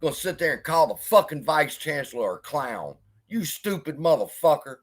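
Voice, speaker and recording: A man's voice: on the high side, sing-song, moderate pace. A man hosting a livestream, ranting in an angry, profane, heated way. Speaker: livestream host. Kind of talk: unscripted livestream rant.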